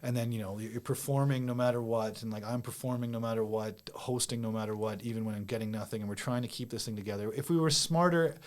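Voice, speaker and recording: A man's voice: medium pitch, steady tone, quick pace, few pauses. Rambling man, full of fillers. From Canada. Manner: rambling, heavy use of "like" and restarts. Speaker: comedian guest. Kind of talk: casual podcast conversation.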